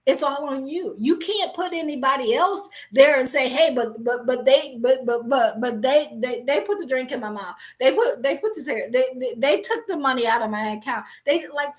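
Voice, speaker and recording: A woman giving an emphatic, repetitive motivational talk on business and faith, addressing her listeners directly. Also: a little high. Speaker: business coach and Christian speaker.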